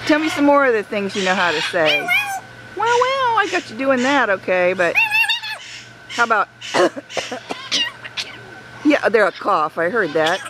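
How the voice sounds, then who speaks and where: A woman's voice: medium pitch, lively intonation, normal speed. A woman coaxing a pet bird in sing-song baby talk, recorded outdoors on a handheld camera. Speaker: visitor talking to a parrot. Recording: loud outdoor background noise.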